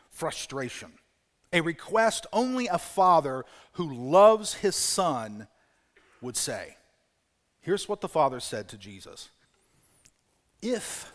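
A fairly high-voiced man preaches in a church, his words trailing off into a long hall reverb. He tells a story with care and drops to a near hush for the pleading lines. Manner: storytelling, dropping to hushed tones for quoted pleas. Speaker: pastor. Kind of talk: sermon.

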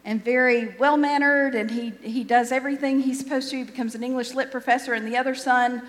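A woman's voice: sits high, fairly even intonation, fairly quick, big-room sound. A woman pastor giving a sermon in a conversational, self-deprecating way, often restarting her sentences.

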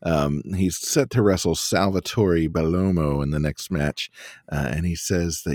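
Male podcast co-host, very low voice, dry sound, easygoing trivia chat. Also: moderate pace, a little mellow, no echo. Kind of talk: casual chat.

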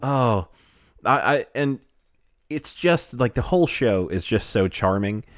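A man co-hosting a casual chat show, animated and laughing often, often trailing off as he searches for words. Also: mid-range voice, unhurried, no room sound, studio quality. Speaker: podcast co-host.

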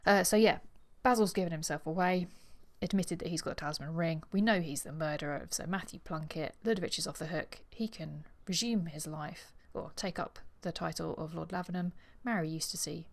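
A woman's voice: on the low side, fairly quick, gravelly, few pauses. A woman co-hosting a book podcast, chatty and laughing often between summaries and readings. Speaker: podcast co-host. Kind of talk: casual book-club chat and reading aloud.

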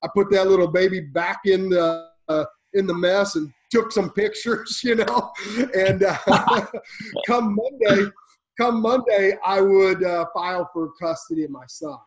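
A man on a podcast telling his life story intensely, swinging between loud and hushed, like a preacher. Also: high-pitched, moderate pace, low-quality recording. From Illinois. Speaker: podcast guest. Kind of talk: emotional personal storytelling.

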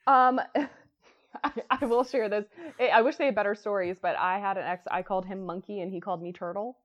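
A woman in her thirties co-hosting a podcast, animated and playful, sometimes dropping into a whisper. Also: mid-range voice, a little fast, highs cut off. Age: 30s. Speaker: podcast co-host. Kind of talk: casual chat.

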